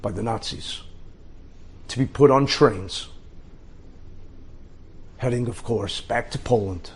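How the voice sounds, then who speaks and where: A middle-aged rabbi tells an inspirational story at a slow pace. He speaks in short, dramatic phrases broken by pauses, over a faint background hiss. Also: mid-range voice.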